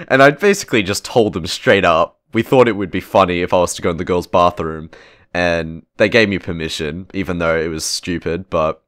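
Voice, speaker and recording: A teenage boy tells a school story for his channel in a loose, rambling way, tossing in "right?" and "okay?" and casual swearing. His voice sits fairly low, and the sound is dry and close. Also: moderate pace, a bit bright, no room sound. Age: teens. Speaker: channel host.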